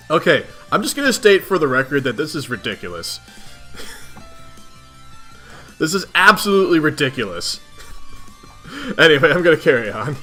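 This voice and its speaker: A man's voice: a little high, sharp tone. A man reading a webcomic aloud who breaks off to comment in a mock-exasperated way, laughing often. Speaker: webcomic reader. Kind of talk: casual read-aloud commentary.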